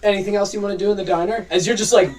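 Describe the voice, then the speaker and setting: A man narrates a tabletop game as game master, bouncing between scene-setting and quick character voices. His voice sits a little high, and it is picked up from some distance away in the room. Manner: animated, jumps into character voices.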